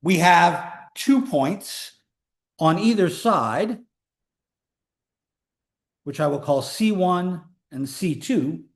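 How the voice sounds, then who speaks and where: A man teaching a calculus class, explaining in a chatty way with joking asides, sometimes drawing words out and sometimes rushing. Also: high-pitched, lively intonation, creaky. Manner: pace swings between slow emphasis and quick runs. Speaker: math instructor. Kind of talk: classroom lecture.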